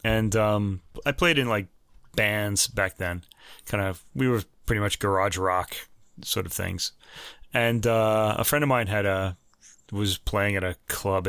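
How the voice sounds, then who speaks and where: A man co-hosting a casual podcast, a chatty storyteller who gets animated when quoting people. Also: lowish voice, no room sound, studio quality. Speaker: podcast co-host.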